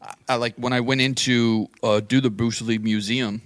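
A man's voice: medium pitch, normal speed, no room sound. An American man, a guest comedian, telling stories in casual chat. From United States. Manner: storytelling, animated.

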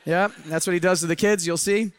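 High-voiced energetic male seminar speaker. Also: fairly quick, clean tone. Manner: energetic, preachy, swings between loud and hushed. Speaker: motivational speaker. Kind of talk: live seminar talk. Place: event hall with a live audience.

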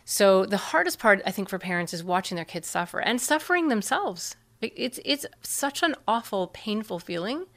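Woman, parenting expert, earnest, animated, mid pitch, interview answers. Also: moderate pace, hardly any pauses. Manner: earnest, animated, slips into voicing kids and parents. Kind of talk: interview answers, explaining techniques.

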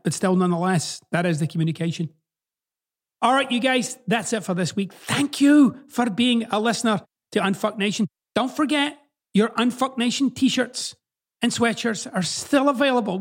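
A man's voice: high voice, normal speed. A male podcast host with a Scottish accent tinged with American Southern, giving blunt, profane advice. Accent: Scottish mixed with American Southern.

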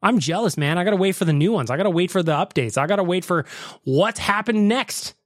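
Male podcast host, mid voice, dry close mic, animated and jokey. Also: high voice, quick pace, no echo. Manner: animated, swearing, mock outrage. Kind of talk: casual podcast chat.

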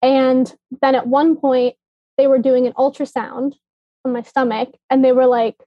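Young woman high mellow voice, chatty and matter of fact, kinda muffled dry sound. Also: little pitch movement, moderate pace, no echo. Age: young adult. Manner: casual, lots of likes, matter-of-fact. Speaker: guest, daughter. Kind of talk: personal storytelling.

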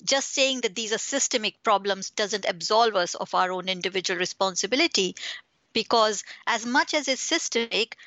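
A woman's voice: mid-range voice, pushed and bright, no room sound, muffled recording. A woman author answering interview questions in an earnest, reflective way, building her points step by step.

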